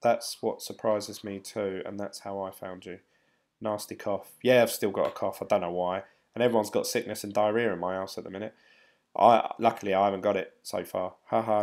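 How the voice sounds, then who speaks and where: Guy rambling on a live stream, bit low voiced, lots of ums. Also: flat delivery, normal speed, a little mellow. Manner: rambling and chatty, with frequent "um". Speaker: crypto YouTuber, live-stream host. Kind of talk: casual live-stream chat, reading viewer comments.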